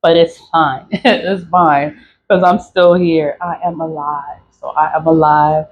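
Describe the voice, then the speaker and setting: A woman's voice: low-pitched, fairly even intonation, slow pace, muffled recording, a little hiss or hum. Rambling woman talking to camera. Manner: rambling, repeats herself, laughs often. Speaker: spiritual product seller. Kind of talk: casual talk to camera.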